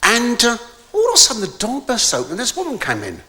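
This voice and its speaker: A man's voice: very high-pitched, wildly swooping pitch, fast, sharp tone. An older man telling a rambling comic story on stage in a debating hall, stammering with false starts and theatrical asides. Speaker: stand-up comedian.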